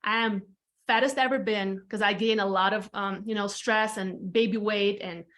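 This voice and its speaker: A woman's voice: medium pitch, fairly even intonation, moderate pace, fairly bright tone. A woman in her thirties from Latvia with a Latvian accent, telling her story as a podcast guest in a frank, chatty way, swearing casually and repeating phrases for emphasis. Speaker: podcast guest, real estate team leader. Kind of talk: candid storytelling chat.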